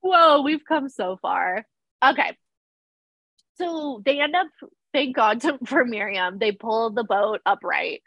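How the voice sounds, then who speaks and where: A woman's voice: a little high, lively intonation, slow, a bit bright, no room sound. Young woman gabbing about a tv episode, lots of "like" and giggles, dry close mic. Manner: chatty, laughs often, fillers like "like". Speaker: podcast co-host recapping a TV episode. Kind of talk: casual chat.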